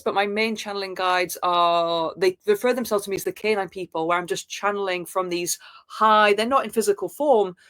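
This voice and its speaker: A woman, a podcast guest, telling personal stories in an earnest, spiritual way with halting restarts and fillers. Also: mid-range voice, fairly bright tone. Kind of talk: reflective personal storytelling.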